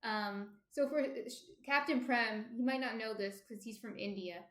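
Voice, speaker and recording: A woman's voice: on the high side, moderate pace, a bit bright, roomy sound. A woman from New Jersey with a New Jersey accent, chatting casually on a baking livestream and answering viewers' comments. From New Jersey, USA. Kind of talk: casual live-stream chat.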